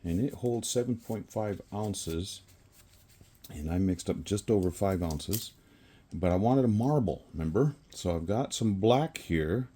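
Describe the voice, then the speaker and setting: A man's voice: deep voice, moderate pace, mellow. A man casually talking through a resin pour as he works, rambling and correcting himself and chuckling at his own slips. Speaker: resin crafter. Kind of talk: casual crafting narration. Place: home craft workspace with camera on a tripod.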